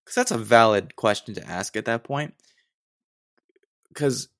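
An American man hosts a solo podcast, rambling and ranting with mock exasperation and plenty of digressions. His medium-pitched voice is expressive, unhurried, and gravelly with frequent pauses, in clean studio-quality audio with no echo.

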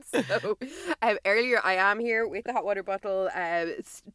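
Bright chatty woman podcast co-host. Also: medium pitch, normal speed, smooth, no echo, clean studio sound. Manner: chatty, laughs often. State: emotional. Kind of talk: casual chat.

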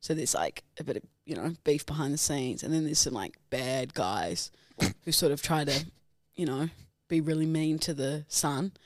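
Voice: mid-range voice, normal speed, hardly any pauses, no echo, clean studio sound. Filler-heavy casual podcast co-host. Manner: hesitant, filler-heavy with lots of "like". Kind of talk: casual chat, describing a film for a guessing game.

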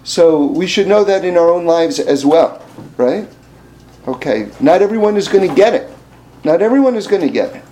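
A man telling a personal story with a lesson in a casual, animated way, full of fillers and restarts, rising high and loud when he makes his point. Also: normal speed, a little hiss or hum.

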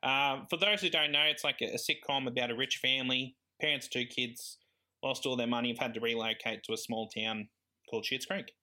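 A man's voice: medium pitch, steady tone, brisk, bright, forceful tone. A man co-hosting a podcast in casual chat, laughing often. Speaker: podcast co-host.

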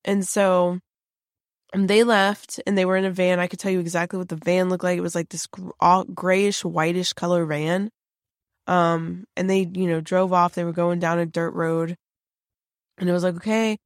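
A woman's voice: on the low side, little pitch movement, normal speed, clean tone, no room sound, clean studio sound. A woman, a psychic on a paranormal team, recounting a vivid dream in casual chat, rambling with many fillers and restarts.

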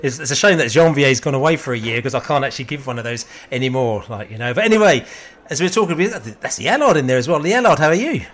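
A man from England hosting a casual fan podcast over a remote call, chatty and quick to laugh at his own stories. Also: medium pitch, expressive. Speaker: podcast host. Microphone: remote call mic.

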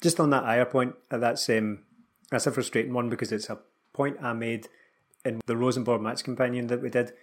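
A Scottish man with a slightly husky voice chats on a football podcast. His delivery is dry and wry, full of teasing asides. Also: mid-range voice, fairly even intonation, a little fast. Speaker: podcast co-host. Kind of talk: casual football podcast chat.

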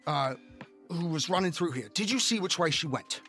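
A curt thug in a sharp suit barks orders and swears as he hunts someone down, as a man plays him. The voice is pushed higher than the performer's own. Faint music runs behind. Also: lively intonation, moderate pace. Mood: gruff. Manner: curt, cursing, barking orders. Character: rough man in a suit, a gruff chaser.

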